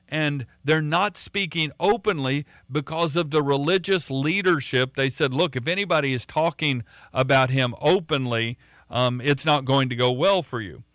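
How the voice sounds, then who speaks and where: A man's voice: mid-range voice, a bit bright, no room sound, clean studio sound. A man preaching a sermon in a conversational way, often repeating words and using fillers as he tells a story.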